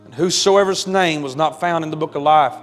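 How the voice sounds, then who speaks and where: A man preaching a sermon, telling a story dramatically and building to shouts. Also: fairly high pitch, fairly quick. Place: church sanctuary. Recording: long hall reverb with faint music.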